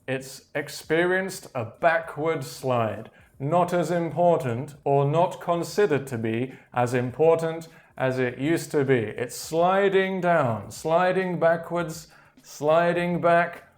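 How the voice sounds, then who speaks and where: A man teaching vocabulary in a slow, patient way, repeating key words and filling pauses with "okay, there we go". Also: a little high. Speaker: English teacher. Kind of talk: slow explanatory vocabulary lesson.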